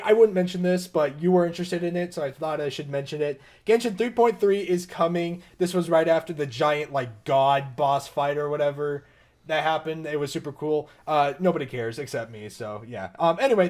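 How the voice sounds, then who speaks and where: A man's voice: a little high, normal speed. A young man co-hosting a podcast, telling stories in casual chat with lots of laughter. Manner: animated, laughing storyteller. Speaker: podcast co-host.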